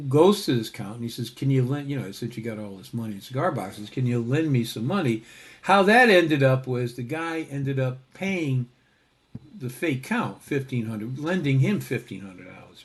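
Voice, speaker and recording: A man from Connecticut telling a story in a casual, wry, digressive way, full of asides. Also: mid-range voice. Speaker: storyteller host.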